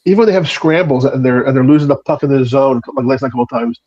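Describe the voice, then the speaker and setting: Husky man with a Delco accent, halting. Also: medium pitch, darkish tone, muffled recording. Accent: Delaware County, Pennsylvania. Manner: halting, lots of repeated starts. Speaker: co-host, restaurant owner. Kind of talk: casual sports podcast chat.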